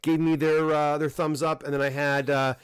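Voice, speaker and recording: A middle-aged Canadian man hosting a casual livestream unboxing, talking in a relaxed, rambling way with frequent restarts and fillers. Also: a little high, moderate pace, smooth, no room sound. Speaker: comic book dealer and host. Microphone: desk microphone close up.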